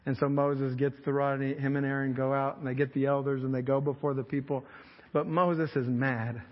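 A man's voice: medium pitch, flat delivery, fairly quick. A male pastor preaching a sermon in a conversational, emphatic storytelling way in a church hall. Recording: echoey hall, slightly dull sound.

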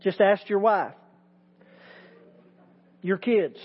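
High-voiced preaching pastor, echoing sanctuary. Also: male voice, extremely slow. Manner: preaching with rising emphatic repetition. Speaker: teaching pastor. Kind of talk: sermon. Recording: muffled audio with long hall reverb.

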